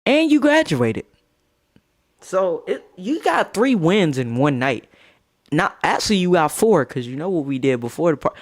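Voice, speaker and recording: Man, young adult, live streamer, phone mic, crude and excitable storyteller, slightly high voice. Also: normal speed. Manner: crude, excitable, acts out quotes.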